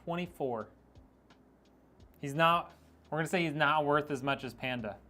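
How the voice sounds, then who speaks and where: A man's voice: a little high, moderate pace, bright, forceful tone. A man streaming a PC build, chatting casually and teasing viewers as he reads their messages, with frequent laughs. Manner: joking, teasing, laughs often.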